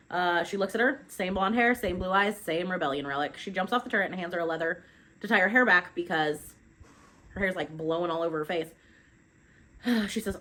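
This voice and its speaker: A woman's voice: fairly low pitch, expressive, a bit bright, poor audio. A young adult woman casually recapping a novel chapter by chapter, chatty with lots of fillers, reading quotes aloud. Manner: chatty, many fillers, quick summarizing. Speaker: book reviewer.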